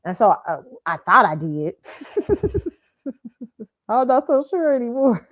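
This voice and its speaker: A woman hosting a casual pop-culture stream speaks slowly in a fairly high, sing-song voice, and the highs are cut off on her streaming setup mic. She's blunt and profane, quick to laugh, and constantly asks "okay?"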